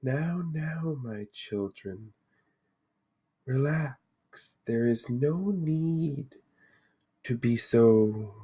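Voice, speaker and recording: A man puts on a serene, ancient spirit woman who speaks in slow, solemn pronouncements. Her voice is soft and a little husky. She sounds calm and cryptic, as if she already knows the outcome. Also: medium pitch, heavily acted.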